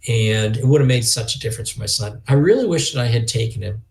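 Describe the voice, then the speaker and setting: Telling a personal story on a podcast, this middle-aged youth organization leader is earnest, reflective and quick to emotion, voicing the dialogue he quotes. His medium-pitched voice is gravelly and darkish, with lively intonation.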